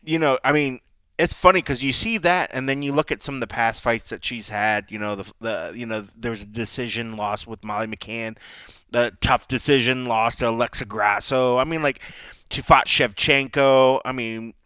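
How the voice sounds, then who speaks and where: A man's voice: medium pitch, steady tone, normal speed, bright, forceful tone, clean tone, no echo. A man co-hosting a casual podcast chat, rambling with restarts and casual swearing. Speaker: podcast co-host.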